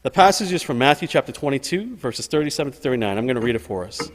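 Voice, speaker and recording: A male pastor delivers a sermon in an earnest, personal way, repeating phrases for emphasis. He is very animated and talks fast at an ordinary middle pitch. The recording carries a long church sanctuary reverb plus a little hiss or hum.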